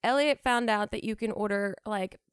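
A woman's voice: mid-range voice, moderate pace, clean tone, no echo, studio quality. A woman co-hosting a podcast, a chatty storyteller who laughs often in casual chat. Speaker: podcast co-host.

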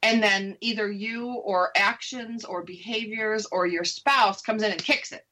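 Middle-aged woman co-host with a middle pitch, chatty and candid, casual radio talk. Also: steady tone, a little slow, sharp tone. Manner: candid, chatty, acts out her old thoughts. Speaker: co-host sharing her divorce recovery.

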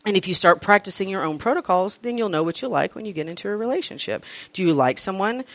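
A woman's voice: medium pitch, expressive, quick pace. Brash, profane woman teaching a class. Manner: emphatic, repeats lists for effect. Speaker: workshop teacher. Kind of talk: live class talk to an audience.

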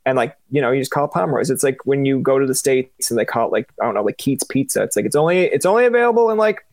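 A man from Newfoundland talks loosely in a casual chat, piling up fillers and breaking into animated impressions. His voice sits at a middle pitch. The room is dry, with no echo. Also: very fast. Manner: rambling, filler-heavy, slips into animated impressions.

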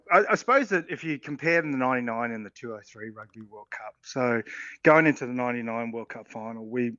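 A middle-aged Australian man, a former rugby player co-hosting a sports radio show, talking in an excited, rambling way and laughing often. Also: medium pitch, dry recording, lo-fi sound. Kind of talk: casual sports radio chat.

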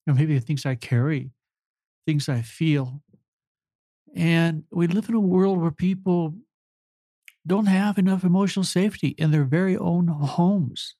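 A man's voice: fairly high pitch, dark tone, dry recording, studio quality. Choked-up earnest older man counselor. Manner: earnest, halting, apologetic. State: choked up with emotion. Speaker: family counselor. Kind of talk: emotional interview answer.

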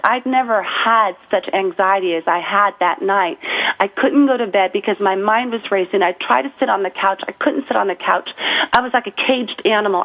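A middle-aged woman, a guest author, giving an emotional personal testimony on a radio call-in, acting out her own thoughts as she goes. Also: medium pitch. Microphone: telephone. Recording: tinny phone line.

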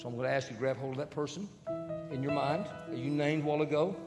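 A male pastor preaching a sermon, emphatic and swelling to shouts. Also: on the high side, quick pace. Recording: long hall reverb with faint music.

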